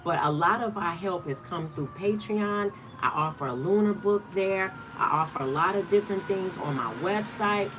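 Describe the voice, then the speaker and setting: A woman's voice: fairly low pitch, moderate pace, few pauses, noisy background. A woman from Michigan hosting a card-of-the-day livestream, talking bluntly and repeating her points for emphasis. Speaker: spiritual card reader, channel host. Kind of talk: casual livestream talk.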